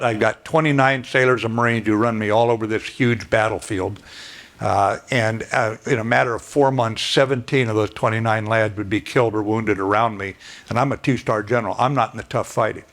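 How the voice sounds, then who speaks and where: An older man giving a plainspoken, folksy storytelling speech as guest speaker, clearing his throat now and then. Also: fairly low pitch, fairly bright tone. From United States.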